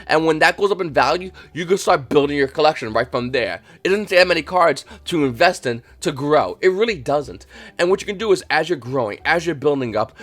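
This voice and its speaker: A man hosting his own channel, giving casual, rambling advice to viewers and acting out little dialogues. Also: fairly high pitch. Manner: rambling, with many restarts and fillers; emphatic and animated, acts out little dialogues. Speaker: channel host.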